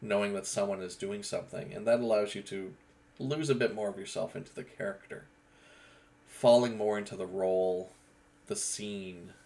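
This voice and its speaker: A man's voice: fairly low pitch, vocal fry. A man from Eastern Canada, hosting a casual, rambling monologue about role-play voices. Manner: rambling, with frequent restarts and fillers. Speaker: gaming channel host.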